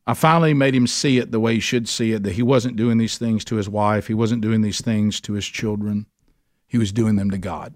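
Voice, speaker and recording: Fairly low-pitched and fairly even in intonation, this man speaks briskly in a studio-quality recording with no echo. He's preaching a sermon to a men's Bible study in a Southern US accent, earnest and emphatic, with sudden rises for stress.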